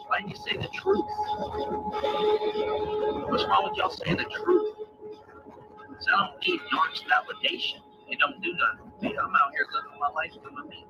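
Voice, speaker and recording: A man's voice: extremely high pitch, wildly swooping pitch, normal speed, long pauses, heavy background noise. A man delivering a confrontational, profane rant, taunting and repeating his challenges. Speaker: ranting video poster. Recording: lo-fi clip under loud music.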